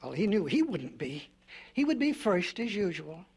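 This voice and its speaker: A man narrating a storybook record in a gentle, whimsical, folksy way. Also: high-pitched, very animated, normal speed, gravelly.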